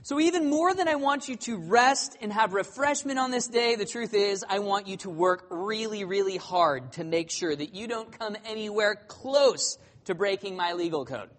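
An emphatic, declaiming voice of God spoken in first person, put on by a preacher inside a sermon. The delivery keeps a middling pitch. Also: normal speed, hardly any pauses, a bit bright, natural voice. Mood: passive-aggressive. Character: God as the preacher imagines him speaking. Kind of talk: quoted speech within a sermon.

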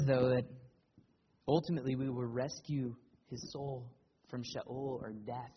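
A man preaching a sermon as pastor, earnest and animated, telling personal stories with emphatic swells. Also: in a large hall, lo-fi sound, a little hiss or hum. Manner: animated storytelling with emphatic rises in pitch and loudness.

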